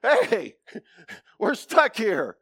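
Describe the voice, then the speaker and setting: A man's voice: high-pitched, huge pitch swings, very slow, fairly bright tone, slightly rough, no echo, studio quality, full character voice. A man preaching, voicing a stubborn talking donkey in a folksy, complaining tone.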